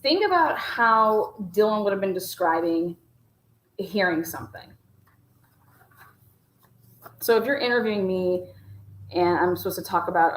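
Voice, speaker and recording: A woman's voice: mid-range voice, moderate pace, echoey room, low-quality recording. A woman hosting a call-in show, talking casually and acting out imagined dialogue as she makes her case. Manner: animated, acts out imagined dialogue. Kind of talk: casual commentary.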